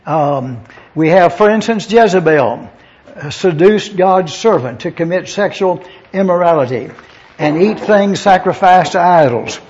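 A man's voice: high-pitched, expressive, a little slow, a little mellow. A man preaching a Bible-study sermon, going through words one by one and spelling out Greek terms letter by letter. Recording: dull lo-fi sound.

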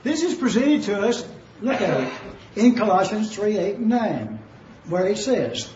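Preacher, male, high-pitched, emphatic and repetitive, roomy lo-fi church recording. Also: sing-song, unhurried, a little mellow, slight background noise. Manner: emphatic, exclaiming and repeating phrases. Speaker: pastor. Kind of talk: sermon. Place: church sanctuary. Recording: echoey, dull lo-fi room recording.

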